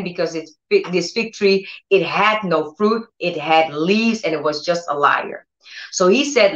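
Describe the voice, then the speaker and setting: A woman's voice: medium pitch, expressive, a little slow, fairly bright tone. Earnest woman preacher, roomy lo-fi sound. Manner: earnest and repetitive, with many restarts and direct questions to listeners. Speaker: preacher and Bible teacher on her own channel. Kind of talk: conversational sermon with Bible reading.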